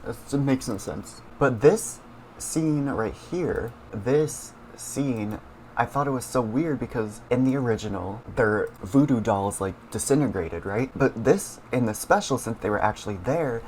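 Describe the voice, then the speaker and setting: A man's voice: mid-range voice, slight background noise. Chatty man reacting to cartoon clips. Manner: chatty, many fillers, chats with viewers. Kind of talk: casual reaction commentary.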